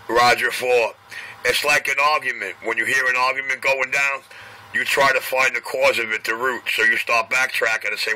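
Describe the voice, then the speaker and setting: A man's voice: mid-range voice, steady tone, moderate pace, bright, forceful tone, slight background noise, poor audio. Boastful New man on CB radio. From New York. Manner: boastful, rhyming radio patter. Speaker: CB radio operator. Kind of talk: casual CB radio chatter. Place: small CB radio shop.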